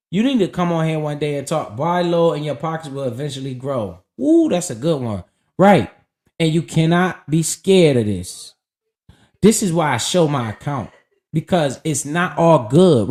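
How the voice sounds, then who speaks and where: A man's voice: fairly high pitch, darkish tone. A man streaming live, casually talking about investing in a profane, hyped and preachy way.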